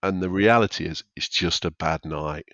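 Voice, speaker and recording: A man's voice: low-pitched, moderate pace, fairly bright tone, no room sound, lo-fi sound. A man, a stand-up comedian talking casually on a podcast and often acting out what people say. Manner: chatty, acts out quotes of himself and others.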